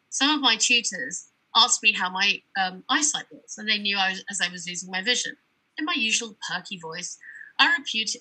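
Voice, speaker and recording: A woman's voice: mid-range voice, pushed and bright, breathy edge, low-quality recording. A woman giving a chatty, digressive conference talk as an author, reading from her book between asides.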